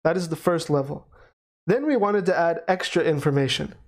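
A man's voice: a little high, animated, moderate pace. A man teaching a recorded grammar lesson, explaining step by step and checking in with a frequent "okay". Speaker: English teacher.

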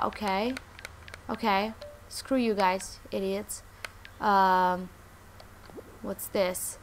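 A young woman hosting a let's play, commenting with exasperation, muttering and then yelling. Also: mid-range voice, fairly even intonation, very slow, long pauses, a little hiss or hum. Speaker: gaming channel host.

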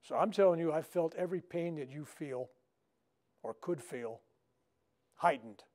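A man's voice: fairly high pitch, unhurried, darkish tone. An older man who is a minister, leading a workshop for a live group in a chatty storytelling way, often checking in with "right?". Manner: conversational storytelling with frequent "right?" tags. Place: spiritual center meeting room.

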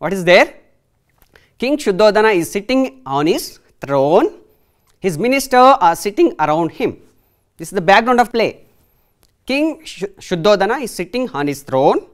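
Female teacher, TV classroom lesson, lively questioning delivery. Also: medium pitch, normal speed, long pauses. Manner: explains words and asks students questions, switching between English and Kannada. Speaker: English teacher.

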